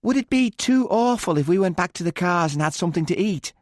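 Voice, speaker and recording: A man's voice: high voice, expressive, brisk, no room sound, studio quality, pitched above the performer's own voice. A man doing a shaky, guilty young woman.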